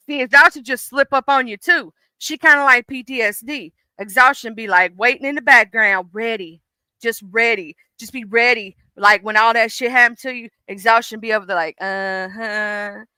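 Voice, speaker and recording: A woman's voice: fairly high pitch, moderate pace, dry recording. A woman hosting a live stream, delivering a blunt, profane comedic monologue. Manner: blunt, profane, animated storytelling.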